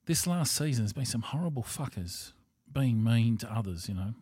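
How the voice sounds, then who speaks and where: A man's voice: mid-range voice, animated, normal speed, a little mellow, breathy edge, no echo, studio quality. An Australian man rambling through a casual monologue as a podcast host, blunt and profane.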